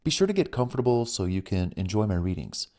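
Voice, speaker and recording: Smooth gentle suitor, read by a man, low warm voice, lively intonation, audiobook. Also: fast. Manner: calm, gentle, courteous. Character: smooth attentive suitor on a phone call. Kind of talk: audiobook reading.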